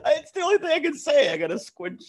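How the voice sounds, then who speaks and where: A man's voice: very high voice, wildly swooping pitch, brisk. A man in casual, playful chat, laughing and swearing easily.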